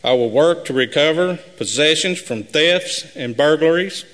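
A man running for sheriff, reading a prepared campaign speech at a live forum in an earnest, measured way. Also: on the high side, lively intonation, a bit bright. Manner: earnest, measured, repetitive pledges. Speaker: sheriff candidate. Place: high school forum hall. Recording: live hall with long reverb.

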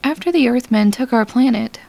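A woman's voice: on the high side, a little fast, vocal fry, voice pushed up. Woman voicing Risha, a weary young alien woman. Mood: solemn. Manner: quiet, resigned, formal speech. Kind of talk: audiobook character reading.

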